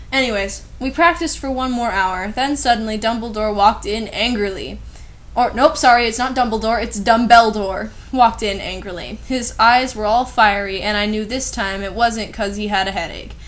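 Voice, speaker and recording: A woman's voice: medium pitch, moderate pace. A young woman reading a fan fiction aloud and breaking in with sarcastic, exasperated asides. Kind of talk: comedic dramatic reading with commentary.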